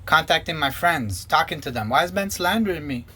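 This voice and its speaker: A former pastor giving an earnest personal testimony and acting out past conversations in quoted dialogue. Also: male voice, a little high, animated, a little fast, pushed and bright, breathy edge.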